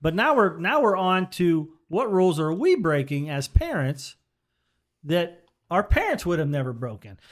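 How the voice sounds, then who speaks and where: A man's voice: fairly high pitch, big pitch swings, normal speed. A man co-hosting a podcast in casual chat, talking reflectively about raising his daughter. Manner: reflective, builds on others' points. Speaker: podcast co-host.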